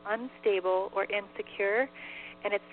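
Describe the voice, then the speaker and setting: A woman's voice: mid-range voice, steady tone, unhurried. A woman talking as a medium, in casual chat full of fillers and "like", relaying answers. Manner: chatty, many fillers and "like". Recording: tinny phone line with faint hiss.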